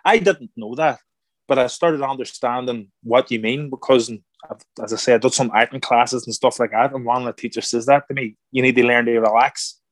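A middle-aged Irish man, a former boxer turned actor, tells stories in a casual interview, animated, acting out quoted voices and repeating words. His voice is medium-pitched and brisk, recorded dry.

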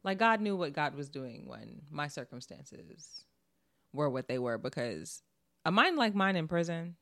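A podcast co-host with a New York accent and a mid-range voice, chatting in a loose, animated way. The talk is slangy and profane, full of stories and quick laughs. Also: mid-range voice. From Brooklyn, New York. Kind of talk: casual podcast chat.

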